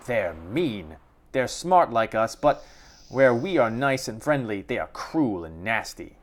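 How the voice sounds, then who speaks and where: A man's voice: mid-range voice, slow pace. A man doing a poised, rambling giant spider. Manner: polite, rambling. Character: big poised spider, friendly and scatterbrained. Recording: steady background noise.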